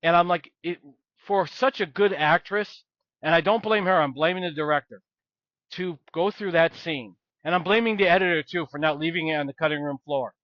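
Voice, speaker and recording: A man's voice: fairly high pitch, brisk, no room sound, dull audio. A man co-hosting a podcast, rambling and blunt as he chats about films. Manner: rambling, emphatic, blunt complaints. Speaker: podcast co-host. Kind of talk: casual film discussion.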